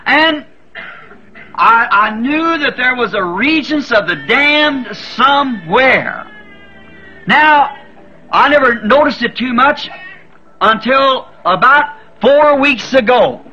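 A man's voice: very high voice, lively intonation, slow pace, bright, forceful tone, soft background music. A man in his fifties preaching a sermon, telling a story with feeling and crying out as he repeats the prayers he made. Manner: emotional storytelling, cries out in the quoted prayers. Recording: dull lo-fi sermon recording.

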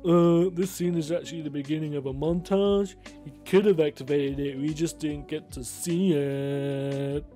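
A man's voice: fairly high pitch, steady tone, normal speed, mellow, faint music behind, close to an everyday voice. A man voicing a smug, pedantic know-it-all who corrects others.

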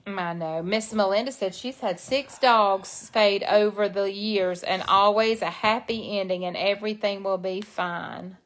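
A woman's voice: medium pitch, fairly even intonation, a little slow, hardly any pauses. Soothing woman on a phone live stream. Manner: soothing, reassuring, folksy talk. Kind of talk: casual live chat.

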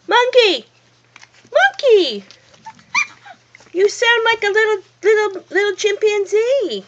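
A woman with a high, swooping voice coos baby talk to her puppies and repeats each phrase. She talks slowly, and the phone recording sounds dull, with plenty of noise underneath. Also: lively intonation. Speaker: dog owner talking to her puppies.

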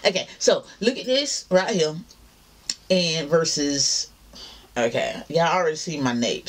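Chatty Southern woman vlogging to camera. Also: lowish voice. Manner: chatty, self-deprecating, drawls asides to viewers. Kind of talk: casual chat to camera. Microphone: camera mounted up high.

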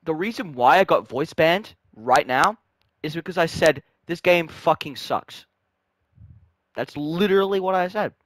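A man's voice: fairly high pitch, animated, normal speed, fairly bright tone, dry recording. A young man ranting in frustration about a game, swearing often and sinking into weary resignation. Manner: frustrated, swearing, trailing off deflated. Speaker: gaming vlogger. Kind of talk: angry gaming rant.

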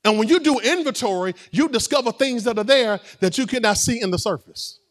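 A man's voice: very high voice, expressive, fairly quick. A man preaching a sermon as pastor, conversational and playful, with call-and-response to the congregation.

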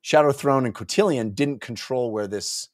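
A man's voice: medium pitch, normal speed, no room sound, clean studio sound. A man co-hosting a casual book discussion podcast, rambling and playful, with many fillers. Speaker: podcast co-host.

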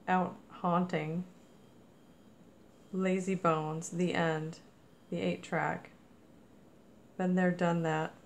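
A woman's voice: on the low side, level tone, very slow, long pauses, a little hiss or hum. A woman narrating a craft mail unboxing in a casual, gushing way, exclaiming often over each item. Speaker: crafting vlogger.

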